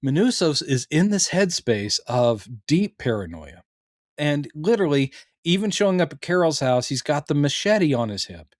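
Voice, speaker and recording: A man's voice: a little high, moderate pace, no room sound, clean studio sound. A man co-hosting a podcast, casually talking through a TV episode and often acting out the characters' lines. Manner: animated, acts out characters' lines in quotes. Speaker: podcast co-host. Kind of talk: casual discussion of a TV show.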